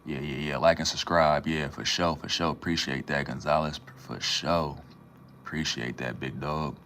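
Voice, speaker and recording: Very deep-voiced laid-back man. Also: steady tone, moderate pace, fairly bright tone, slight background noise. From Minnesota, USA. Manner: laid-back, slangy, greets chatters by name. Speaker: livestream host. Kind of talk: casual livestream chat with viewers.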